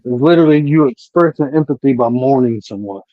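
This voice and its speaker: A man co-hosting a live stream who talks in a relaxed, laid-back way and uses a lot of slang. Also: mid-range voice, fairly quick, no echo, narrow, tinny audio. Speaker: stream co-host. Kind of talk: casual chat. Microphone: streaming mic.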